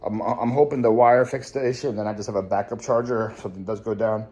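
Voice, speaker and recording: A young man chatting excitably to camera in a casual vlog, thinking aloud as he opens mail at home. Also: fairly low pitch, fast. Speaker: reselling vlogger. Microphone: phone camera.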